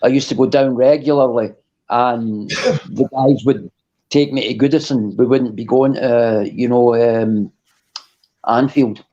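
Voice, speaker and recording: Mellow man on a dull line. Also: mid-range voice, steady tone, a little slow. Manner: laid-back, reminiscing. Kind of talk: casual online banter. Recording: lo-fi muffled audio.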